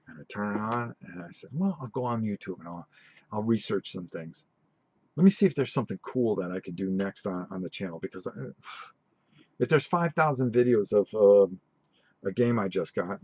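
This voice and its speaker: A middle-aged man hosting a tabletop gaming channel, telling stories in a rambling, animated way with many restarts during a live-stream chat. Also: lowish voice, no room sound.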